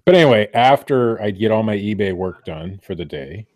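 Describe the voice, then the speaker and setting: A man's voice: lowish voice, expressive, normal speed, darkish tone. A middle-aged man co-hosting a podcast from a room at home, chatting casually and rambling, often cutting himself off mid-sentence. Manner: rambling, self-interrupting. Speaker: podcast co-host. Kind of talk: casual chat.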